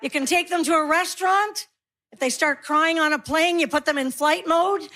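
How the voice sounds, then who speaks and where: A woman's voice: very high-pitched, moderate pace, bright, forceful tone. A woman in her sixties doing a stand-up comedy routine, sassy and conversational, talking directly to the audience. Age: 60s.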